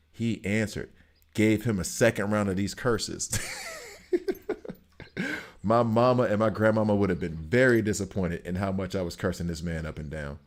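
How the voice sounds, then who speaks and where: Very deep-voiced man telling stories. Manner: animated, emphatic storytelling. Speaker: gaming streamer. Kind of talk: casual chat while streaming a game.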